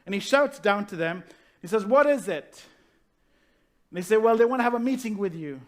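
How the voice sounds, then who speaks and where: Pastor, male, higher-pitched voice, sermon delivery, slows down on key lines, asks the room questions. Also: animated. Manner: rhetorical questions, slows down to stress key phrases.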